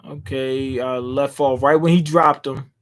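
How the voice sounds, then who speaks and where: A man reading a comic aloud and commenting casually, with quick asides on the panels. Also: mid-range voice, steady tone. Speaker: manga reader and commentator. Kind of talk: casual read-through with commentary.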